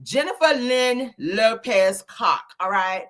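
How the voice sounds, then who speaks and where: A woman's voice: a little high, animated, slow pace, fairly bright tone. A woman hosting a casual celebrity gossip show, sassy and profane, calling listeners honey and child.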